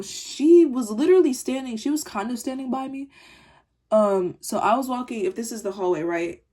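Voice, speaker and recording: Irritated teen girl ranting, mellow voice. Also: a little high. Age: teens. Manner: irritated, rambling, slangy. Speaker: vlogger. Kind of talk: casual storytime rant.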